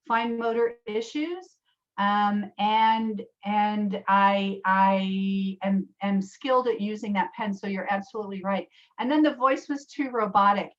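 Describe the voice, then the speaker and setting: A woman's voice: mid-range voice, fairly bright tone, dull audio. A woman presenting a virtual workshop, chatty with many fillers and restarts, addressing attendees by name and telling classroom stories. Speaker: special education teacher. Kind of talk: virtual workshop talk with storytelling. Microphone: video call.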